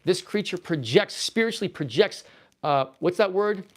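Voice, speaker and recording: Rambling, playful man with a lively voice. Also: high-pitched, moderate pace. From Canada. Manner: rambling, playful, easily excited. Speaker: livestream host reading viewer chat. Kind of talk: casual livestream chat while packing toys.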